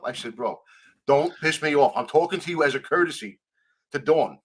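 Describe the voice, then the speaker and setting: Man telling a story with animated dialogue. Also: mid-range voice, a little fast. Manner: animated, acts out quoted dialogue, swears freely. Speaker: guest. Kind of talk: storytelling in a conversational interview.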